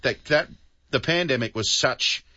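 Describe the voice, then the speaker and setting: An Australian radio host chats easily with callers, friendly and quick to call them mate. His voice is bright and forceful. The broadcast sound is a little dull. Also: mid-range voice. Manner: chatty, friendly, says mate often. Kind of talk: talkback radio chat.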